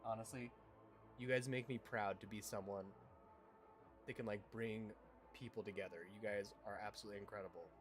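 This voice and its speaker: A man streaming a game live, chatting affectionately and excitably with his viewers and reacting loudly to the action. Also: on the low side, brisk, long pauses, music in the background. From Utah, US. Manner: excitable, affectionate, talks to chat. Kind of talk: casual gameplay livestream chat.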